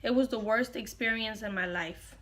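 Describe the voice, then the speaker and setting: A woman's voice: fairly high pitch, moderate pace, fairly bright tone. A young woman vlogger dramatically retelling a personal story to camera, repeating lines for effect.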